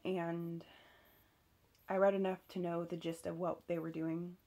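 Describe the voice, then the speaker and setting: A woman's voice: on the low side, flat delivery, a little slow, dark tone. A young woman candidly telling a personal story, swearing freely and using lots of fillers. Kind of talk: casual storytelling.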